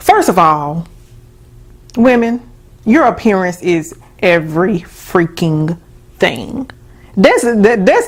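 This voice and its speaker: A woman hosting a casual advice talk, emphatic and folksy, often stumbling over restarts. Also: mid-range voice. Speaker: host.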